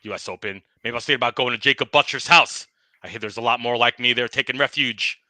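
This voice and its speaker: A man's voice: medium pitch, quick pace, bright, forceful tone, no echo. A man playing a bragging, aggrieved bowling ball. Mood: boastful. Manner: boastful trash talk, repeats the host's name. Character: aggrieved urethane bowling ball, tough-talking male. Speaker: guest. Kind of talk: comedic podcast skit.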